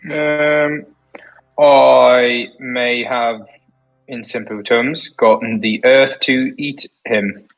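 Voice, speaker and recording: A man's voice: mid-range voice, steady tone, drawn-out words, gravelly, soft background music, poor audio. A man voicing a cheeky undead lich in a tabletop game, with a raised, hesitant, put-on accented voice. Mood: casual. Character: undead male lich spellcaster, casual and cheeky.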